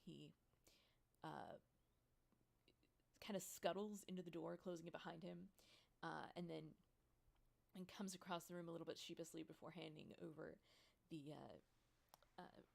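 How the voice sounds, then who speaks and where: A woman narrating as game master of a tabletop role-play, relaxed, with many fillers. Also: sits low, normal speed, vocal fry.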